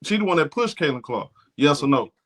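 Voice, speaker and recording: A man's voice: on the high side, very animated, brisk, fairly bright tone. A man hosting a sports talk show, giving blunt, indignant commentary and often repeating himself.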